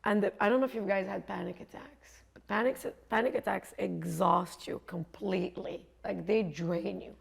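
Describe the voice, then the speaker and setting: Woman speaker, story-driven motivational talk, casual, gravelly vocal fry, mid pitch. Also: steady tone, moderate pace, hardly any pauses. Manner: casual, conversational, acts out dialogue. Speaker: coach and speaker.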